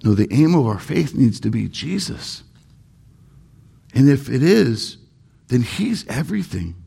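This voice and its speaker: A man's voice: medium pitch, sing-song, unhurried, vocal fry, mellow, husky. A male pastor preaching a sermon in an earnest, emphatic way, stressing points through repetition.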